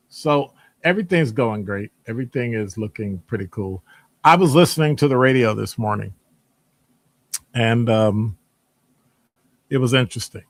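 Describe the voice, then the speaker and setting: A middle-aged man hosts a live stream show at a moderate pace, pausing often, in a mid-range voice with no room sound. Casual and lively, he greets people in the chat by name.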